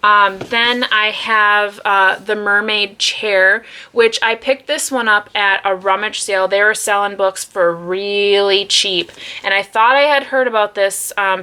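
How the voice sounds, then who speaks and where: A woman's voice: medium pitch, bright, forceful tone, clear, resonant tone. A woman vlogging about her books at home, chatting casually and rambling with lots of fillers. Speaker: book vlogger. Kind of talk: casual chat. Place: room at home.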